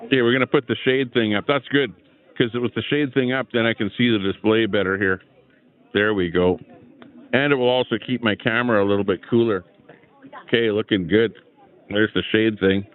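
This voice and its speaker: A man's voice: fairly low pitch, steady tone, brisk. A man hosting a live stream from a chair at an outdoor rally, chatting loosely and greeting viewers in the chat through a small clip-on mic. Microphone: small clip-on microphone. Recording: tinny phone-like lo-fi sound.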